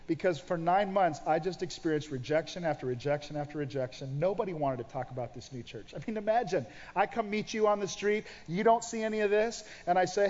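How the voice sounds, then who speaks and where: A man's voice: sits high, brisk, hardly any pauses, a little mellow. A middle-aged male pastor preaching a sermon, telling his own story and acting out his past prayers. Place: church auditorium. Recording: dull sound in a large reverberant church hall.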